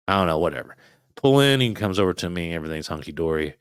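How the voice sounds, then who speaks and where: A man in his thirties, a podcast guest, telling a frightening personal story in casual, swearing, animated talk. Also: deep voice, fast, clear, resonant tone, dry recording, clean studio sound. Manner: swearing, animated retelling of a scary night.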